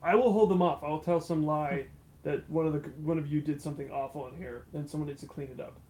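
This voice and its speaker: A man plays a jittery arena guard with a slightly high, gravelly voice, anxious and pleading. He frets for his family and begs not to be blamed. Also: fast, darkish tone, close to an everyday voice. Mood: nervous.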